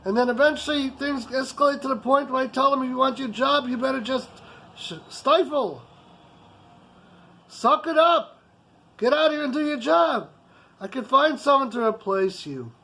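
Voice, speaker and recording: A man's voice: very high-pitched, fairly even intonation, fast talker, hardly any pauses, a bit bright, pitched above the performer's own voice, rough recording. A man voicing a rich, hot-tempered business boss who talks in an intense, emphatic way.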